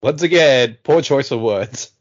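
A man's voice: medium pitch, unhurried. A man casually chatting through a film as a commentary co-host, joking and making playful asides. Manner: jokey, playful asides with silly voices. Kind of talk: casual movie commentary chat. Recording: dull lo-fi audio.

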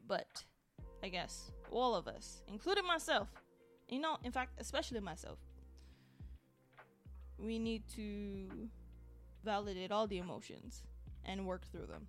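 A woman hosts her own podcast and rants solo, diary-style. Her voice sits at an ordinary pitch, and her delivery is exasperated and sarcastic, with words doubled up for emphasis. Soft music plays faintly underneath. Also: expressive, a little slow, long pauses. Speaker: podcast host.

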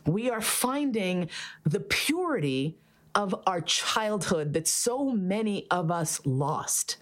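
A woman podcast host with a medium-pitched, animated voice speaks slowly in a candid, casual chat. She tells a story full of swearing and acted-out quotes.

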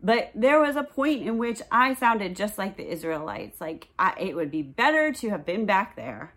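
A woman's voice: mid-range voice, sing-song, normal speed, fairly bright tone. A woman in her forties teaching a casual Bible study, chatting and reading scripture aloud.

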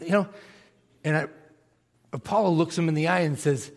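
A man's voice: a little high, a little slow, vocal fry, pauses often. A man, a pastor, preaching a conversational sermon and asking his congregation questions. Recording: long reverb of a large hall.

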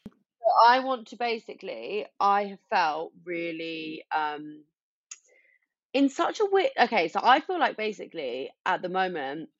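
A woman's voice: on the low side, big pitch swings, unhurried, dry recording. A woman in her twenties ranting animatedly in a casual chat. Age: 20s. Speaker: podcast co-host. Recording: dull dry sound.

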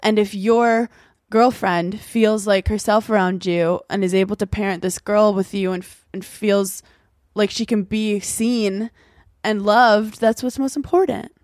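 A woman's voice: mid-range voice, steady tone, unhurried, darkish tone, dry recording, clean studio sound. A woman co-hosting a podcast in casual chat, speaking earnestly and reflectively. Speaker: podcast co-host.

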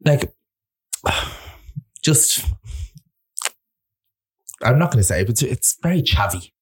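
A man's voice: medium pitch, sing-song, slow, slightly rough. An Irish man co-hosting a podcast in casual chat, blunt and gossipy, swearing freely. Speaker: podcast co-host.

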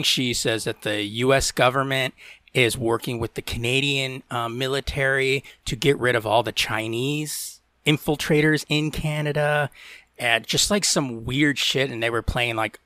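Male podcast co-host, bright voice, dry booth sound, chatty storyteller who laughs a lot. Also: no echo. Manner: laughing storyteller, mimics people in high voices. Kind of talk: casual chat.

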